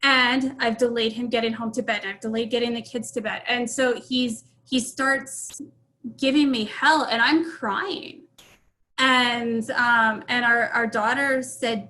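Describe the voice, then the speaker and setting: A woman's voice: on the high side, fairly even intonation, a little slow, pushed and bright, slight background noise, low-quality recording. A middle-aged woman, an interview guest, telling a personal family story in a frank, rambling way full of fillers and restarts.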